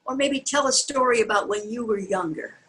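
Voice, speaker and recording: A woman's voice: fairly high pitch, brisk, fairly bright tone, poor audio. An older woman reading a picture book aloud to young children, sing-song and asking them questions along the way. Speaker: children's storyteller.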